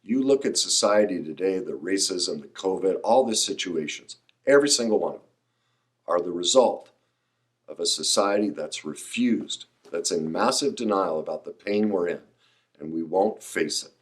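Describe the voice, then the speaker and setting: A man's voice: low-pitched, moderate pace. A middle-aged man hosting a podcast, talking emphatically and passionately, sometimes sounding preachy. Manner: emphatic, preachy, rising to excited outbursts. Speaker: podcast host. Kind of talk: passionate solo podcast monologue.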